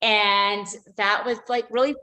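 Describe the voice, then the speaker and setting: A woman's voice: medium pitch, steady tone, measured pace, bright, forceful tone, low-quality recording. A woman, a business owner, telling a personal story as a guest on a radio interview, emotional and rambling with many fillers and restarts.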